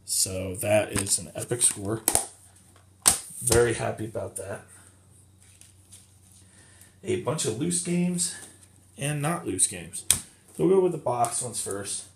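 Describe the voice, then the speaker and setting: Slow-talking man, chatty collector vlog. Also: on the low side. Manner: rambling, self-correcting, chatty. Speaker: game collector showing finds. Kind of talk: casual show-and-tell vlog. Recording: clear background noise with clicks.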